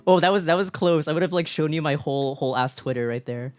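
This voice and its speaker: Giggly low-voiced woman streamer. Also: dry recording. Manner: giggly, excitable and playful. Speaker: VTuber streamer. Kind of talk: casual live-stream chat. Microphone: streaming desk mic.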